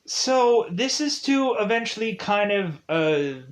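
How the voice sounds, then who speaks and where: A man's voice: high-pitched, sing-song, takes it slowly. A man giving a casual, rambling film review, full of "like" and "uh". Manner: rambling, heavy use of "like" and "uh".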